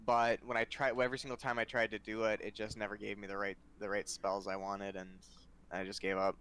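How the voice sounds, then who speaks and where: A man's voice: on the low side, little pitch movement, a little fast, a bit bright, a little hiss or hum. A man playing in a tabletop game, talking casually in a rambling, hesitant way with many restarts. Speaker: player.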